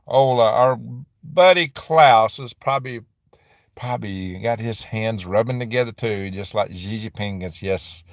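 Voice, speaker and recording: Middle aged guy rambling on a live stream, lowish voice, dry close sound, reading chat from a dim room. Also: no echo. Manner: rambling, chatty, answers comments with quick laughs. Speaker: livestream host reading viewer chat. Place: dim room at his rural property.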